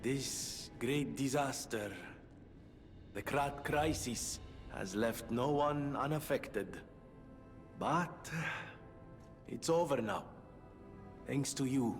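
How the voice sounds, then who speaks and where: An actor playing an earnest middle-aged inventor who leads his city, giving a slow, solemn speech. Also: medium pitch. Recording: game audio with long reverb and faint music.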